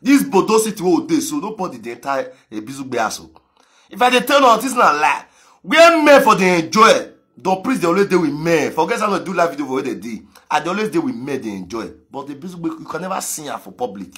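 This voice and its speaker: A man with a Nigerian Pidgin accent ranting on a live video, mocking others with frequent laughter and sudden shouts. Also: a little high, very animated, fast. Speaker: social media commentator.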